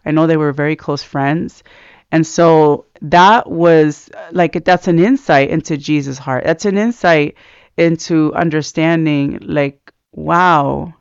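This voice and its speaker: A man's voice: a little high, gravelly, smooth, no room sound. A man giving a casual, rambling devotional talk about reading scripture, earnest, with many fillers. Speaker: Christian speaker. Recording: dull lo-fi sound, dry.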